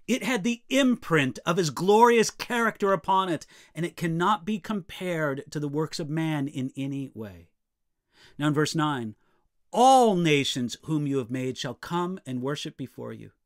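A man preaching an expository sermon, reading scripture aloud with strong emphasis and dropping to soft, low asides in between. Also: measured pace. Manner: expressive, rises high when reading scripture, drops low and soft on asides.

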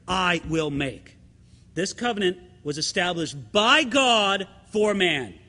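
A middle-aged pastor preaching with a high, bright, ringing voice. He presses his points hard and asks the congregation rhetorical questions, calling them friends. His voice carries a long reverb from a church sanctuary. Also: husky. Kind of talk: sermon.

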